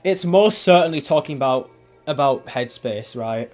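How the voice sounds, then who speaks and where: A man's voice: medium pitch, expressive, normal speed, darkish tone, soft background music. Rambling man streaming a game. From England. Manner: rambling, swears casually, trails off and restarts. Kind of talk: casual gaming stream chat.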